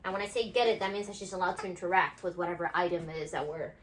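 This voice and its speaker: A woman's voice: lowish voice, rapid-fire, a little hiss or hum. A woman dog trainer explaining play training to viewers at home, talking to her puppy in between. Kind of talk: casual instructional video.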